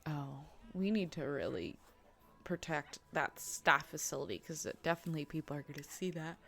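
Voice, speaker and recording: A woman's voice: deep voice, moderate pace, vocal fry, a bit bright. A woman streaming a zoo-building game, chatting casually to herself and her animals with lots of fillers. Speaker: gameplay streamer. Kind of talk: casual gaming commentary.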